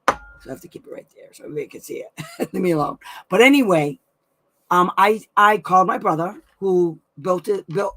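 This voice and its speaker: A woman's voice: low-pitched, a bit bright. A middle-aged woman hosting a weekly live advice stream from home, chatting effusively and laughing often. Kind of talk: casual live-stream chat.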